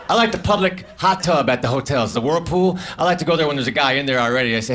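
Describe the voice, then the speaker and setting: A man doing a stand-up comedy set of deadpan one-liners with mumbled asides, recorded live on a comedy club stage. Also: fairly high pitch, fast, noisy background.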